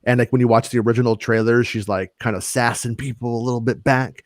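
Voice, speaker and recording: A man's voice: medium pitch, flat delivery, quick pace, no echo. Rambling man on a dry, close mic. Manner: rambling storyteller, many restarts and fillers. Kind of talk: casual chat.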